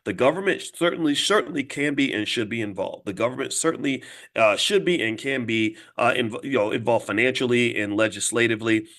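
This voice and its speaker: A man giving a fast political commentary monologue, speaking straight to his listeners with emphatic stops and restarts, his voice jumping up sharply to make a point. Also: fairly bright tone. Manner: emphatic, restarts words, pitch jumps high when making points; addresses listeners directly, asks them to respond. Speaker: commentator and host.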